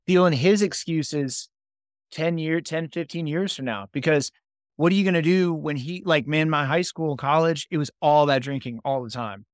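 A man's voice: fairly high pitch, moderate pace, dry recording, studio quality. A man as a podcast guest, speaking reflectively in casual conversation.

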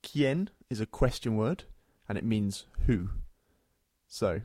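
A man co-hosting a language podcast, patiently explaining Spanish phrases and repeating them slowly. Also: on the low side, expressive, dark tone, no room sound, clean studio sound.

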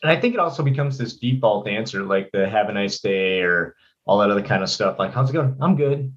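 A man hosting a podcast, introducing topics in a relaxed, casual conversation. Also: on the low side, brisk. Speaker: podcast host. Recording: dull, slightly lo-fi sound.

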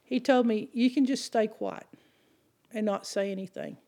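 A woman preaching a sermon, telling stories in an animated way and acting out the people she quotes. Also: a little high, moderate pace. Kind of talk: sermon with storytelling.

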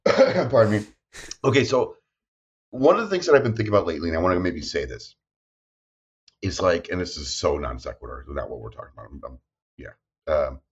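A man co-hosting a podcast in casual chat, animated and self-deprecating. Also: deep voice. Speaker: podcast co-host. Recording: dull lo-fi sound.

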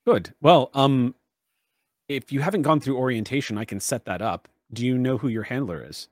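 A man's voice: medium pitch, normal speed, no echo, clean studio sound, close to an everyday voice. A man voicing a polite, stammering telepathic official at an estate. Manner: apologetic, stammering.

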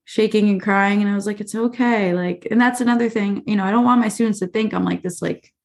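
Speaking fast, a young woman recounts classroom stories as if guesting on a casual podcast. Fillers such as "like" and "you know" crowd her relaxed, chatty talk, delivered in a mid-range voice with gravelly vocal fry.

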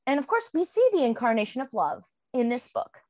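A woman's voice: high-pitched, very animated, brisk, darkish tone, no room sound. Rambling woman podcast host, dry sound. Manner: rambling, full of "um" and "like". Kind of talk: casual book discussion.

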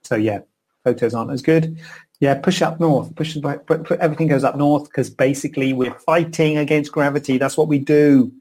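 A middle-aged man, a plastic surgeon, answers questions in a live Q and A from his computer, chatty and rambling and interrupting himself. His voice is on the high side, mellow, and fairly quick.

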